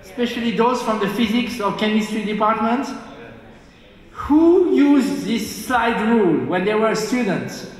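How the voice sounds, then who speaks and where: Sex: man. Role: guest lecturer. Style: public lecture, engaging, asks the audience questions. Pace: slow. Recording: echoey lecture hall with long reverb. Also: high-pitched, lively intonation, recorded from a distance.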